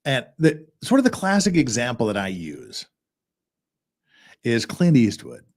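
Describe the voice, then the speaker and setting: A man's voice: mid-range voice, wildly swooping pitch, unhurried. A man hosting a legal commentary show, talking casually in a rambling way with restarts and chuckles. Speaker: host of a legal commentary channel.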